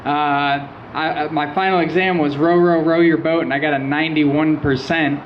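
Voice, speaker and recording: A man's voice: a little high, moderate pace, dull audio, a little hiss or hum. Young man doing a stand-up set. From Michigan. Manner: deadpan storytelling with quoted asides. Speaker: stand-up comedian. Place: small venue with a live audience.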